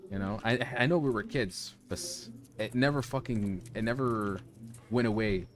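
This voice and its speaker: A man streaming from home, telling a personal story to his chat in a casual, animated, profane way, full of restarts. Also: lowish voice, normal speed. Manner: animated, profane, lots of restarts and "you know".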